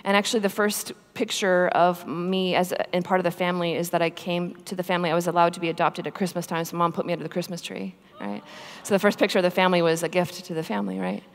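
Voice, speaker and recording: A Catholic religious sister giving a personal testimony talk to a live conference audience, speaking in an earnest, conversational way that grows emphatic on heartfelt points. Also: female voice, on the low side, little pitch movement, quick pace, few pauses. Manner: earnest, conversational storytelling with frequent "right?" and "you know". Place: large conference hall. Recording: echoey hall sound.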